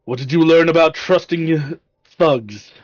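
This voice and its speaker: A man voicing a gruff male dwarf ranger who talks in a hearty, scolding way. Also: fairly high pitch, measured pace, muffled recording, voice pushed up, lightly acted.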